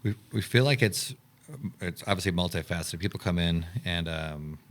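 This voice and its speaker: A man with a very low voice tells the story behind his camp in an interview. He brings it to life by acting out the conversations he recalls, shifting his voice for each person. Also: moderate pace. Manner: animated storyteller acting out quoted dialogue. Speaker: camp owner and director.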